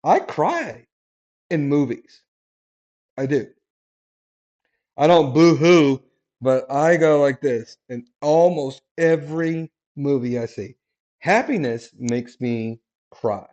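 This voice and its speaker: A middle-aged man hosting a casual podcast chat, talking in an animated way, laughing often and restarting his sentences. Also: fairly high pitch, slow, pauses often, dull audio. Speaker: podcast host.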